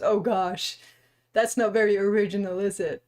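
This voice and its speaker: A young woman hosting a cozy painting livestream, chatting gently, reading comments aloud and laughing often. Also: medium pitch, steady tone, unhurried, pauses often. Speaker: art stream host. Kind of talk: casual livestream chat while painting.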